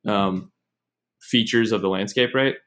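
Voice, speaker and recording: This young man hosts a podcast and spins rambling, casual stories full of tangents. His voice is on the low side and a bit bright, and he speaks a little slowly.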